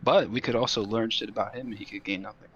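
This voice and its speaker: Lower-voiced easygoing man player. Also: fairly even intonation, quick pace, a bit bright, husky, highs cut off, faint music behind. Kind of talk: casual tabletop game chat.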